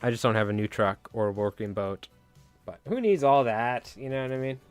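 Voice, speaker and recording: Man, livestream host, rambling and jokey, casual swearing, mid pitch, faint music underneath. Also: a little fast. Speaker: fly-tying livestream host.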